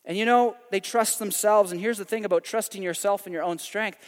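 Preacher, male, high voice, dynamic emphatic delivery, big echoing sanctuary. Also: a little fast. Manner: animated, emphatic preaching with sudden loud climaxes and quiet drops. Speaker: pastor. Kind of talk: sermon.

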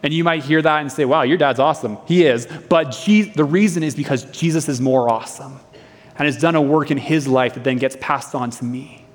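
A young pastor with a fairly high voice preaches briskly in a church, sharing a personal story in an earnest, conversational tone. The long reverb of a hall surrounds his voice.

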